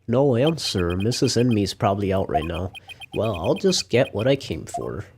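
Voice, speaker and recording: A man's voice: lowish voice, sing-song, moderate pace, a little mellow, a little hiss or hum. A young man streaming a game, reading its dialogue aloud with playful put-on voices and jokes of his own. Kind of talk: playthrough with voiced text.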